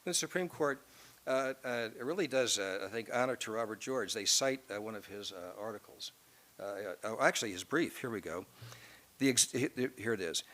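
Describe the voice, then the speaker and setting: A man's voice: fairly low pitch, expressive, moderate pace, fairly bright tone. A male law professor giving a lecture to a room, reading from a court opinion and breaking off into asides full of hesitations and restarts.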